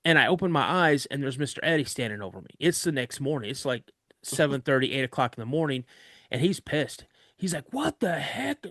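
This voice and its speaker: A man's voice: medium pitch, brisk, a bit bright, dry recording, clean studio sound. A man, a podcast guest, vividly recounting a frightening personal story. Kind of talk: recounting a scary true story.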